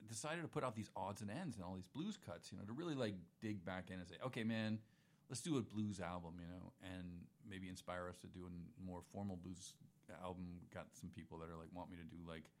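A man's voice: deep voice, fairly quick, a little hiss or hum. A man in casual conversation, a musician guest who talks in a laid-back, rambling way, full of slang and asides.

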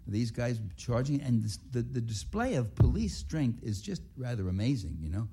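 A man's voice: mid-range voice, big pitch swings, moderate pace, mellow, breathy edge. A man, a writer giving a public talk, telling rambling and indignant anecdotes full of restarts and asides. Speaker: writer and activist speaker.

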